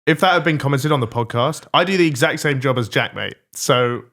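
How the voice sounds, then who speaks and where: A man's voice: mid-range voice, fairly quick, a bit bright. A man co-hosting a podcast, bragging and joking crudely in casual banter. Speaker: podcast co-host.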